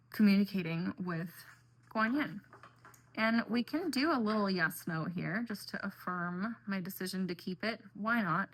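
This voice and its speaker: A woman talks through her deck collection like a casual vlog. Her voice sits at an ordinary middle pitch. Her speech rambles, looping back with frequent "like" and "um" as she thinks aloud. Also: bright, forceful tone. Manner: chatty and rambling, with frequent fillers and "like". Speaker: tarot and oracle deck vlogger. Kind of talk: casual chat.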